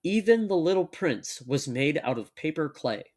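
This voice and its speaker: A young man co-hosting a casual chat, joking and laughing often, and reading text aloud at a measured pace. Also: on the high side, animated, a little mellow. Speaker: podcast co-host.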